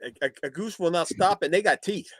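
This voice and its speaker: High-voiced, emphatic man. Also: brisk, a bit bright, dry recording. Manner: emphatic, repeats his starts. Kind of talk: casual chat on a video call.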